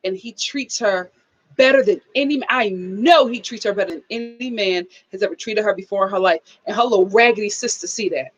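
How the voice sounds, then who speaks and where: A woman hosts a live reality-TV review in casual chat style, sassy and emphatic as she scolds the people she's discussing. Her mid-range voice moves a little fast, and the sound is lo-fi.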